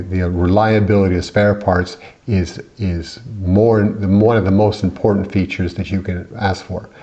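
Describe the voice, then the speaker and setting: A middle-aged man from the United States vents his frustration in a vlog, his voice low and heavy. He rambles, circles back and restarts his sentences. The recording sounds slightly dull and lo-fi. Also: warm tone. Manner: irritated, rambling with many restarts. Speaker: vlogger. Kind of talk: angry complaint vlog.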